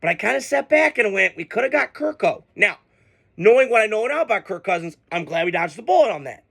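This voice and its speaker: A man's voice: sits high, big pitch swings, quick pace, gravelly, a bit bright, breathy edge. A man hosting a sports show, ranting casually with heated, profane, exasperated outbursts. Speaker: sports podcast host.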